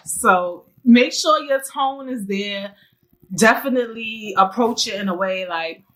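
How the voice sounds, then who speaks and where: Bright-voiced, candid woman podcaster. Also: mid-range voice, a little slow, rough recording. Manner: candid, slangy, laughs often. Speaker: podcast host. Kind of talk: casual solo podcast monologue.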